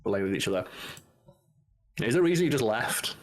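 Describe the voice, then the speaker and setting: A man co-hosting a casual podcast over a call, excitable and swearing, laughing at silly names. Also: mid-range voice, fairly quick. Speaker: podcast co-host. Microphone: remote call mic.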